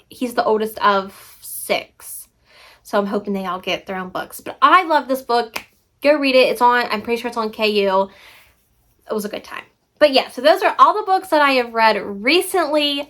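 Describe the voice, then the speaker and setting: A woman's voice: fairly high pitch, a bit bright. A young woman book vlogger chatting casually and enthusiastically about novels she has read, tripping over words now and then. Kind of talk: casual book review vlog.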